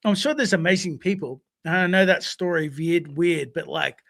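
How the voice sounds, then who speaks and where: High gravelly man telling stories. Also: moderate pace. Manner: animated, swears freely, acts out voices. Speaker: podcast co-host. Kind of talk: casual storytelling.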